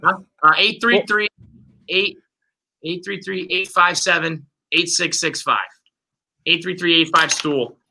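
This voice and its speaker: Fired-up bright-voiced New man. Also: high-pitched, steady tone, unhurried, creaky, rough recording. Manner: profane, fired-up fan ranting. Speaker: podcast host. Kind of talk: casual sports podcast chat.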